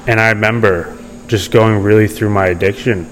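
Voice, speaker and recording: A man's voice: lowish voice, steady tone, moderate pace, a little hiss or hum, low-quality recording. A young man telling his story in a casual interview, rambling with many fillers and restarts. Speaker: podcast guest.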